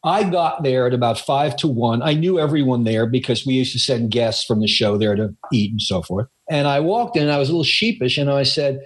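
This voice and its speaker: A man in his seventies from New York City, telling a story in casual chat and slowing down to stress key moments. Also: mid-range voice. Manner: animated anecdote teller, slows down for emphasis. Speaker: co-host.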